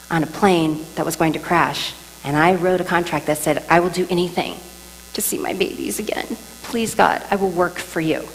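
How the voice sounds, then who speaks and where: A woman telling an audience about her near-death experience, animated and emotional, often asking the listeners questions and dropping to a whisper. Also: medium pitch. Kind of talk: emotional testimony talk. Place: large hall with an audience. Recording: reverberant hall, faint mains hum.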